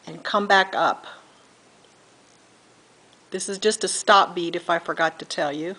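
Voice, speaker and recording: A woman's voice: fairly low pitch, measured pace, bright, forceful tone, low-quality recording. A middle-aged woman giving a patient step-by-step beading tutorial, counting beads aloud and correcting herself as she goes. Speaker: beading instructor.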